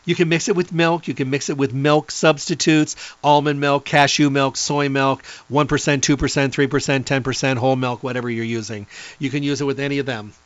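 A middle-aged man giving an enthusiastic, rambling product pitch as a nutrition presenter, reeling off long lists. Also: steady tone, fairly quick, dry recording, muffled recording.

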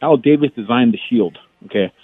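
Fast-talking man on a phone line. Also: mid-range voice, husky, no echo. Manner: passionate fan, rallying speech. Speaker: phone-in caller. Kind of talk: casual radio call-in.

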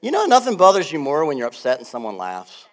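Male pastor, middle-aged, fairly high voice; animated sermon delivery, laughs a lot, loud-to-quiet swings. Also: fast.

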